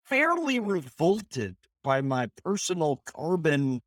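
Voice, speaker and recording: Brief: man, podcast co-host, unhurried and a bit high, wry delivery. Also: big pitch swings, a bit bright, dry recording, clean studio sound. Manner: deliberate, wry, pausing. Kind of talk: casual podcast chat.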